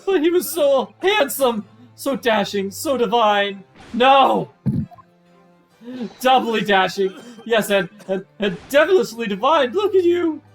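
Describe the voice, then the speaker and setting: A man's voice: very high-pitched, animated, takes it slowly, vocal fry, soft background music, voice pushed up, exaggerated voice. A man voicing a gushing young woman fan who swoons and gushes in breathless alliteration.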